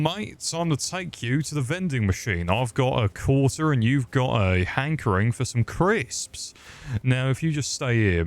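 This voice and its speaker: A man giving crude, rambling comedic commentary while playing a video game. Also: medium pitch. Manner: crude joking banter, rambling. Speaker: gaming commentator. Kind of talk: comedic let's-play commentary.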